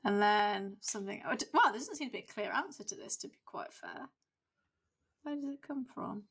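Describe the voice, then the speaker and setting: A woman's voice: medium pitch, a little fast, fairly bright tone, slightly rough. A young woman, chatting casually as a podcast co-host and acting out the people she quotes. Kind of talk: casual chat.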